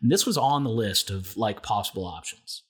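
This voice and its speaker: A man's voice: fairly low pitch, animated, moderate pace, slightly rough. Joking man recapping a show. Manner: jokey, acts out characters' lines. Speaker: podcast co-host. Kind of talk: casual recap chat.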